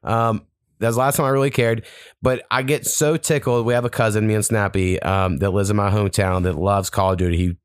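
A man's voice: lowish voice, steady tone, fairly quick, smooth, no echo. A man hosting a podcast, telling long casual stories full of swearing. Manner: profane, rambling storyteller. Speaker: podcast host. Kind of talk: casual chat.

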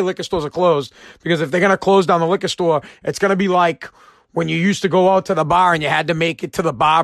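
Man, livestream host, brash and jokey, casual swearing, slightly high voice, dead-dry close mic. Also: creaky, fairly bright tone, dry recording. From Massachusetts. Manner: blunt, joking, swears freely. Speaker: host of a live-streamed show. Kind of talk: casual rant.

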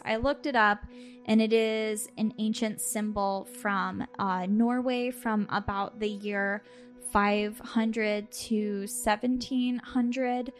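Over a video call, a woman podcast host tells a story casually and with plenty of animation, laughing and swearing along the way. Her voice is a little high.

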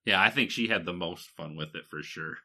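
A man from Michigan co-hosts a podcast in a relaxed, rambling chat marked by fillers and laughter. His voice sits low with a sharp tone, and he speaks a little fast.

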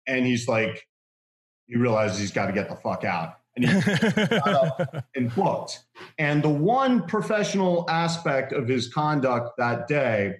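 A man casually telling a long anecdote, animated, laughing often and acting out what others said. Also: medium pitch, reverberant. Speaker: guest telling a story.

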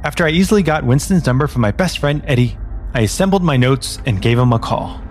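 A man's voice: medium pitch, animated, quick pace, faint music behind. A man hosting a comedic audio drama as an amateur detective, talking awkwardly and switching to sudden screaming. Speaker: podcast host playing an amateur detective.

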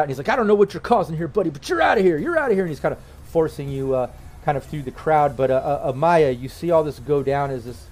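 A man's voice: mid-range voice, a little mellow. A man running a tabletop game as game master, narrating loosely with lots of fillers.

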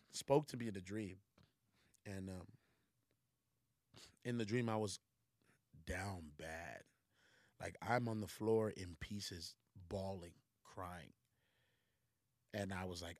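Man preacher, lowish voice, dry close sound, casual slangy sermon that builds to emphatic points. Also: no room sound.

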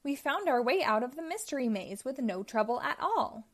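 A woman reading a children's book aloud, voicing a cheerful male Pac-Man in a raised, excited storybook voice. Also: high voice, normal speed.

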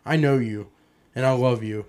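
A man's voice: mid-range voice, normal speed, a little mellow. A man co-hosting a casual podcast, talking earnestly and bluntly to a friend. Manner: earnest, blunt, advice-giving. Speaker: podcast co-host.

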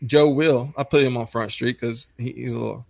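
A man's voice: fairly quick, creaky, no echo. A man telling crude, rambling stories in casual profane chat. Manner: crude, rambling, animated impressions with shrill mocking voices.

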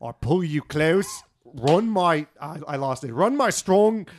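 A man's voice: fairly high pitch, big pitch swings, slight background noise. A man voicing a cocky Australian country guy in a put-on Australian accent, hamming it up. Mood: boastful. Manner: halting, hamming it up.

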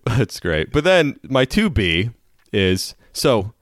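A man's voice: medium pitch, very animated, slow, no room sound, studio quality. A man co-hosting a casual podcast chat, telling rambling stories and laughing often. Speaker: podcast co-host.

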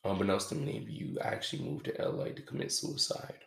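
Very gravelly man, roomy echo. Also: sits low, expressive. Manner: halting, reflective, casual with swearing. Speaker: podcast host. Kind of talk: confessional podcast monologue. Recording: echoey room.

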